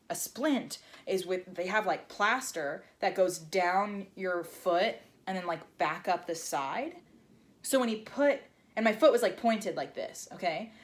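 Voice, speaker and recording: A young woman telling a personal story in a vlog, animated and acting out the voices she quotes. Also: mid-range voice. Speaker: vlogger.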